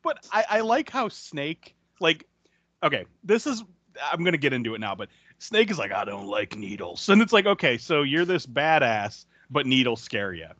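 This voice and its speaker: A man's voice: fairly high pitch, sing-song, moderate pace, fairly bright tone, no echo, highs cut off. A man co-hosting a podcast, recapping a movie in casual chat, swearing freely and laughing often. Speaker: podcast co-host.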